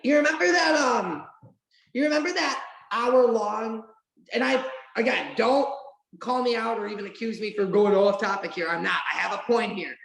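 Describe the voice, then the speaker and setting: A woman guest on a podcast, telling wrestling memories in an excited, rambling way and swearing now and then. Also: a little high, moderate pace, creaky. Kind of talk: casual podcast chat. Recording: roomy echo.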